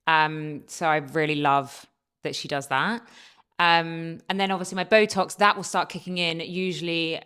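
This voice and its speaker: A woman's voice: low voice, fairly even intonation, normal speed, pushed and bright, clear, resonant tone. A young woman chatting casually to camera as a beauty vlogger, upbeat and confiding with her viewers. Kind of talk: casual vlog talk to camera. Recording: faint background music.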